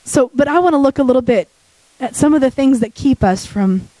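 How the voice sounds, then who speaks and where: Woman preacher, sick, deepening voice, warm mellow tone, dry close sound, chatty sermon with joking asides. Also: expressive, brisk, no echo, low-quality recording. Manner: conversational, joking asides to the congregation. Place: church.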